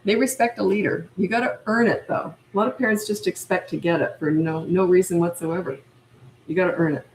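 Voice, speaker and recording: A woman's voice: on the low side, steady tone, brisk, darkish tone, reverberant, slight background noise, low-quality recording. A woman parenting coach answering viewer questions on a live stream, blunt and firm, repeating her points. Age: older. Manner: blunt, firm, repetitive phrasing.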